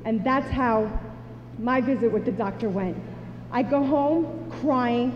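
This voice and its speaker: A woman giving a personal testimony to an audience. She tells it as an animated storyteller and acts out the dialogue. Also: a little high, slow pace, noisy background. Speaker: speaker sharing a personal story. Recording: echoey hall, dull sound.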